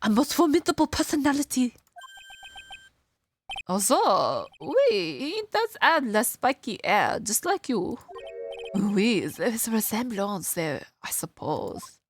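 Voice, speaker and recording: A woman puts on a jittery French man with a thick, theatrical French accent, full of fretful drama. The voice sits higher than her own and leaps around wildly in pitch. Faint music plays underneath. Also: very animated, slow, full character voice. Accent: put-on exaggerated French accent. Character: timid nervous French man, loan office worker.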